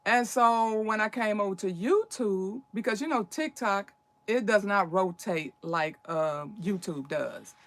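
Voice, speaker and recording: A woman's voice: medium pitch, lively intonation, unhurried, no echo. An older woman hosting a casual livestream, talking in an urgent, preachy, emphatic way. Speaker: livestream host.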